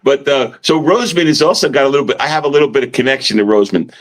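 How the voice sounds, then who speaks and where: A man's voice: mid-range voice, racing. Male sports radio co-host, New Jersey accent, chatty and meandering. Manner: rambling, restarts often, chuckles. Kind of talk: casual sports talk.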